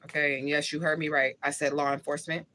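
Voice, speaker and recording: A woman's voice: low voice, little pitch movement, fast talker, pushed and bright. A woman in her forties from St. Louis, Missouri, chatting live with viewers and answering their comments, blunt and slangy, laughing often. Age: 40s. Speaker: livestream host. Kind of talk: casual live chat reading comments.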